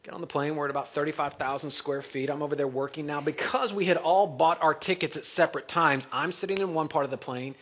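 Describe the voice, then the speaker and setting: A middle-aged man speaking to an audience, telling a story in an animated way and acting out the voices of others. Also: fairly high pitch, quick pace, few pauses. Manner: animated, acts out quoted voices. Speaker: real estate speaker. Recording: dull lo-fi recording.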